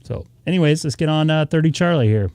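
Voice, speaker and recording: A man's voice: fairly high pitch, expressive, quick pace, darkish tone, clear, resonant tone, no room sound. A man from Southern California chatting casually on a live stream, reading out and answering viewer comments in a rambling way. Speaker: live streamer, ham radio operator.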